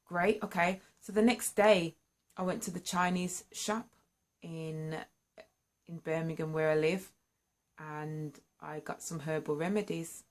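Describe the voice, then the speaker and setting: A woman telling her own story to camera, candid and earnest, and lively when excited. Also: low-pitched, measured pace. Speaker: singer sharing a personal story. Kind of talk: candid personal vlog storytelling.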